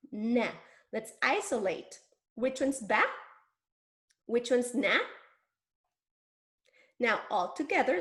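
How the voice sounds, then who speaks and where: A woman teaching early reading, sounding out syllables slowly and clearly with exaggerated mouth movements and patient encouragement. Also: on the high side, reverberant. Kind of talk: demonstration lesson.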